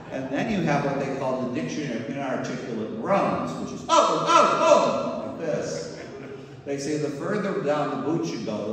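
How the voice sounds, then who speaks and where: A man's voice: medium pitch, darkish tone. An older man, a priest, giving a mission sermon full of anecdotes and playful imitations of voices. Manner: storytelling, mimics voices and groans for humor. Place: large church. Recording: echoey church hall from far off.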